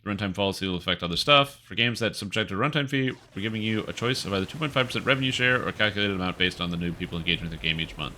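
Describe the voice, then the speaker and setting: A man's voice: lowish voice, animated, very fast, hardly any pauses, pushed and bright. A man streaming a video game and chatting casually in a rambling way with many fillers. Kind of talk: casual gaming commentary.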